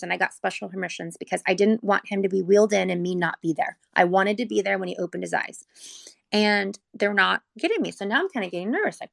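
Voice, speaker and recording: A woman recounts a frightening family memory in a heavily creaky, gravelly voice. Her telling is earnest and rambling, thick with "like," and she is on the edge of tears. The sound is dry and close, with no room around it. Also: medium pitch, a little fast, a bit bright, no echo. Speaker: mother telling her son's hospital story. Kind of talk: personal storytelling, casual.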